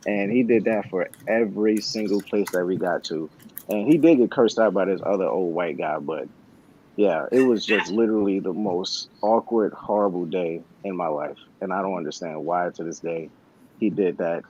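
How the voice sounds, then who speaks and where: A man's voice: low-pitched, normal speed, a little mellow, slight background noise. A man on a podcast telling a work story in a laid-back way, swearing freely and making dry asides, in a dull lo-fi recording. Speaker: podcast co-host. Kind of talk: casual storytelling.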